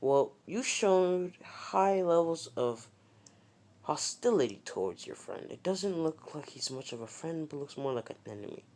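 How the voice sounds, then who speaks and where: A man voicing a calm, matter-of-fact talking system screen in a spoken fan story, in his own plain voice. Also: fairly high pitch, measured pace, voice pushed up.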